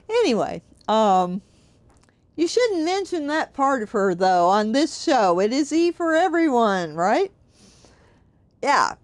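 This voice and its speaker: A woman's voice: sits high, sing-song, slow pace, pauses often, no echo. An older woman streaming a racing game, chatting casually and giggling often. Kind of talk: casual live-stream commentary.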